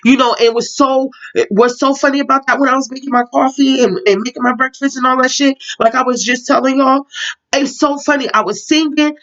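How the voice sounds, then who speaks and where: A woman's voice: high voice, steady tone, fairly quick, fairly bright tone, muffled recording. A woman vlogger ranting casually to camera, heated and profane, repeating herself, outdoors in windy weather.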